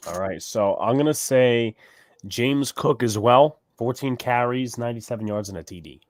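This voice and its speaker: A man co-hosting a casual sports podcast, low-key and dry, reading from the chat and giving predictions that trail off at the ends. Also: moderate pace, no room sound. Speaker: podcast co-host, reads the chat.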